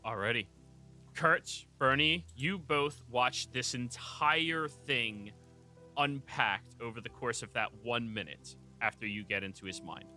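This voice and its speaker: A man running a tabletop game as dungeon master, explaining rules in a relaxed way. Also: mid-range voice, unhurried, faint music behind.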